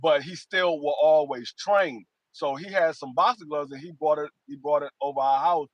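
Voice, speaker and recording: High-voiced animated male storyteller. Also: normal speed, dry recording, highs cut off. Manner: animated storyteller, voices quotes loudly, laughs. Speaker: podcast co-host. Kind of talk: casual storytelling chat.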